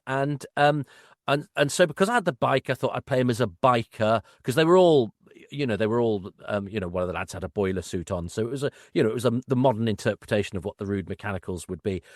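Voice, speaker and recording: A man's voice: a little high, no echo, studio quality. A middle-aged man, an actor and podcast guest, telling anecdotes in a wry, self-deprecating way.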